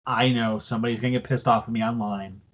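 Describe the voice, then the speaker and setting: A man's voice: mid-range voice, steady tone, fast talker. A man co-hosting a podcast, recapping a wrestling show in loose casual chat with swearing and mocking asides. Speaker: podcast co-host.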